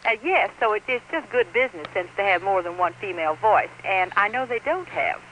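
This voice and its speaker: A woman's voice: mid-range voice, expressive, a little fast, a bit bright, slight background noise. A woman who records telephone announcements, chatting on a phone call in a chatty, emphatic way and laughing easily. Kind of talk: phone conversation.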